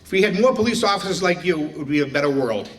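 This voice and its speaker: A man's voice: fairly high pitch, animated, fast. A man giving a speech at a retirement dinner, telling stories and acting out quoted dialogue. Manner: storytelling, joking, acts out quoted dialogue. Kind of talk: speech with anecdotes. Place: banquet room. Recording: distant mic with faint room noise.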